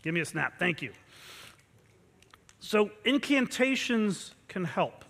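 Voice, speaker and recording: A man's voice: high-pitched, big pitch swings, slow pace, creaky, a bit bright. A man, a martial arts instructor, giving an intense motivational pep talk to his students and leading them in call-and-response chants. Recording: long reverb from a large hall.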